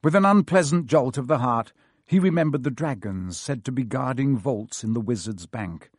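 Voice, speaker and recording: A man reading a storybook aloud in an expressive, varied narration. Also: medium pitch, moderate pace, no echo, studio quality. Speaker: audiobook narrator.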